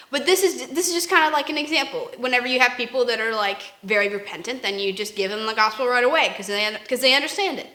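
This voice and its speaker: On a podcast about faith, a female co-host with a fairly high, sharp voice rambles casually and performs examples in quoted voices. The room gives the recording a noticeable echo.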